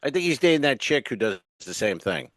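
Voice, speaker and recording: A man's voice: medium pitch, very animated, brisk, a bit bright, no echo, studio quality. A male comedian co-hosting a podcast, telling rambling stories in casual chat and swearing freely.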